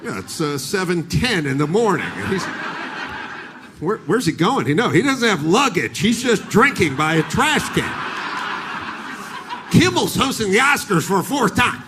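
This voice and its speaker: On a live comedy stage before an audience, a middle-aged man performs a stand-up set, telling a story with acted-out voices. His voice is high-pitched and very animated, his pace moderate, and there's background noise.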